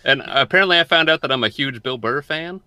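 A man's voice: mid-range voice, quick pace, sharp tone, clean tone, no echo. A young man co-hosting a podcast, chatting casually and rambling, often repeating and restarting his words. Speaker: podcast co-host.

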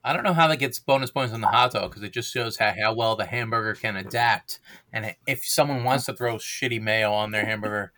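Swearing ranting dude, bright sharp voice, podcast debate. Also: male voice, fairly low pitch, brisk. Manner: profane, ranting, mocking. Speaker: debater defending hamburgers. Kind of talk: casual podcast rant.

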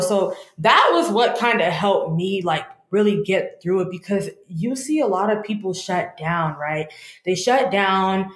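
A young woman in her twenties speaks as a guest on a casual podcast, candid and animated as she tells her story. Her voice sits at an ordinary pitch, and the recording carries the echo of a roomy space. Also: measured pace. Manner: candid, animated storytelling, talks to herself in quotes. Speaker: guest, law student. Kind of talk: casual interview chat.

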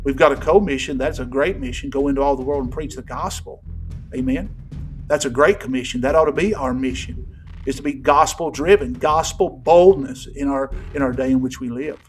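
A man pastor preaching a sermon in a church sanctuary, folksy and emphatic, swinging between loud and hushed. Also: medium pitch, a little fast, faint music behind.

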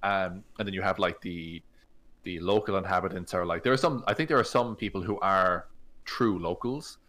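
A man's voice: low voice, normal speed, fairly bright tone. A man co-hosting a tabletop gaming podcast, chatting casually and rambling with many fillers. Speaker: podcast co-host. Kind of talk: casual chat.

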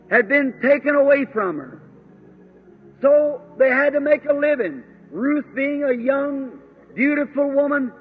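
A man preaching a sermon in a fervent, drawn-out way, breaking into exclamations. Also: very high-pitched. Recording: tinny lo-fi old sermon tape.

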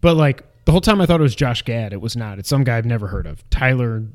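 A man's voice: mid-range voice, animated, fast. A man co-hosting a podcast, gushing and rambling in casual chat. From Canada. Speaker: podcast co-host.

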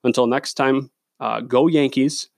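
Gravelly, blunt, profane sports-podcast man. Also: medium pitch, fairly even intonation, measured pace, a little mellow, no echo. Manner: blunt, profane, opinionated, with many fillers. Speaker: podcast host. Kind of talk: solo sports podcast rant. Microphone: studio microphone.

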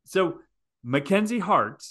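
Podcast co-host, male, casual and jokey, somewhat high voice with very lively pitch. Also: takes it slowly, breathy edge. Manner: animated, joking, emphatic repetition. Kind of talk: casual chat.

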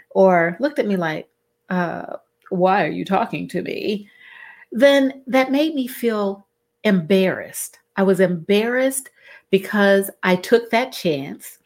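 A middle-aged woman, talking to her listeners in a casual, expressive way and acting out the questions she quotes. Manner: expressive, acts out quoted questions with big pitch swings. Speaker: host.

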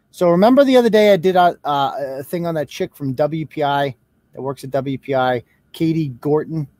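A man's voice: high voice, dry recording. A man hosting a live show, ranting with heavy profanity and sarcasm. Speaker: host.

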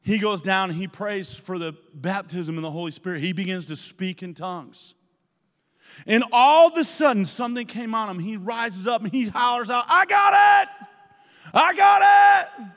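A man preaching a sermon as pastor, telling stories with animated energy that builds to shouting. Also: high-pitched, moderate pace, long reverb tail. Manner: animated storytelling, rising to shouts.

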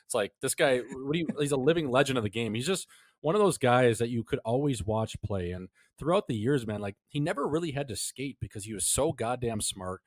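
A man's voice: mid-range voice, lively intonation, a little fast, no echo. A man hosting a hockey podcast, joking and swearing in casual chat. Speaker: podcast host.

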